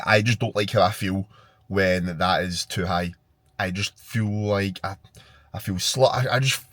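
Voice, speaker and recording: A man's voice: lowish voice, a bit bright, no echo. A man with a Glaswegian accent, rambling casually and swearing freely to camera as a fitness vlogger. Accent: Scottish, Glaswegian. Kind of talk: casual vlog chat to camera.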